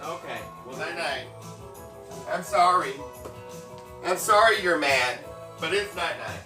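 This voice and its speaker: Give me a slow, chatty mom who teases and laughs often on a home livestream. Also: female voice, deep voice, animated, over music. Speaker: cooking livestream host and mom. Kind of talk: casual live-stream chat. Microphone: phone.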